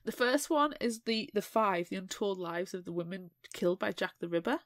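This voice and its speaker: A woman in her middle pitch range co-hosts a casual book chat. She talks in a chatty, rambling way with frequent restarts, and the sound is close and dry. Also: lively intonation, no echo. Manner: chatty, with restarts and quick laughs. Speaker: podcast co-host.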